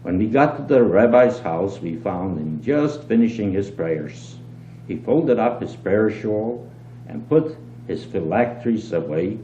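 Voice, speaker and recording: An older man reading a short story aloud as a lively storyteller, dropping low on asides. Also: a little slow. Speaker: reader. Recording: dull, roomy old home tape with hum.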